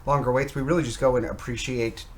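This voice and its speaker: A man's voice: mid-range voice, fairly even intonation, quick pace. A man co-hosting a podcast in casual chat, jokey and playful, with frequent fillers. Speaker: podcast co-host. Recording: faint background noise.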